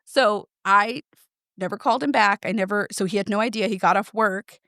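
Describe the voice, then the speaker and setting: A woman in her thirties tells a family story on a podcast, animated and chatty, acting out the voices of others. Her pitch sits in a middle range and the sound is dry and close. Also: brisk, dry recording. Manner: animated, acts out quoted voices. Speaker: podcast co-host. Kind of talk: casual storytelling chat.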